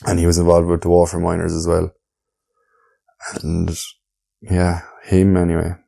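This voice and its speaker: A man's voice: low voice, monotone, normal speed, creaky, mellow. A young Irish man, a podcast guest in a laid-back casual chat, often trailing off mid-sentence. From Ireland.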